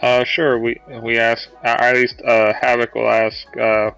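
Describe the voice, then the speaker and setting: A man's voice: mid-range voice, monotone, measured pace, creaky, a bit bright, clear, resonant tone, soft background music, poor audio. A man playing a tabletop game in a laid-back, hesitant way. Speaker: player. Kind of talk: casual tabletop play.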